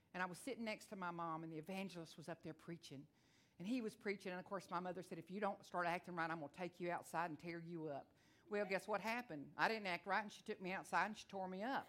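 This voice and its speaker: A middle-aged woman from Texas preaches with a strong country twang. She talks fast, tells her testimony in a story-telling voice and rises into fervent, declaring proclamations. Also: medium pitch, a bit bright. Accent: Texan. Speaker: guest preacher. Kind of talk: sermon with personal testimony.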